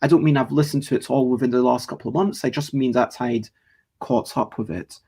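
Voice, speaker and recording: A man's voice: medium pitch, fairly quick, creaky, warm tone, slightly rough. A man hosting a casual live stream, rambling chattily about board games and greeting viewers in the chat as he goes. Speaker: streamer and host.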